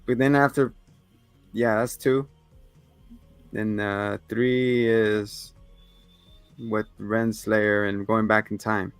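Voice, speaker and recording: A man's voice: fairly low pitch, level tone, takes it slowly, pauses often, clear, resonant tone, dry recording, faint music behind. A man co-hosting a podcast, casually recapping episodes in a rambling way, with fillers and laughs. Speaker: podcast co-host.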